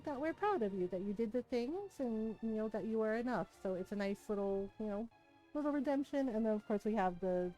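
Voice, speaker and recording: A middle-aged woman streaming a game, telling stories in a lively, laughing way, swearing freely, and turning gentle and encouraging when she talks to her viewers. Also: mid-range voice, rough recording. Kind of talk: casual chat while streaming a game.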